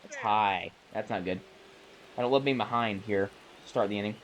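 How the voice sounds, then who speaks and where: A man's voice: fairly low pitch, normal speed, low-quality recording. Chatty man calling his own ball game. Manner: chatty, self-correcting, excitable on big plays. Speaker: gaming YouTuber. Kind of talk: casual play-by-play while gaming.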